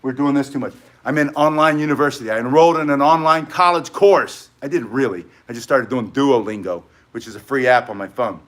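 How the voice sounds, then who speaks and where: A man's voice: medium pitch, brisk. A middle-aged man teaching martial arts in a casual live tutorial, chatting with viewers and wandering off on tangents. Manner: rambling, chatty, goes off on tangents.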